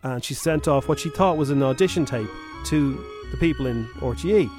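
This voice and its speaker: An Irish man on a radio show, chatting fast and playing a fussy casting agent in a prank call. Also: mid-range voice, music in the background.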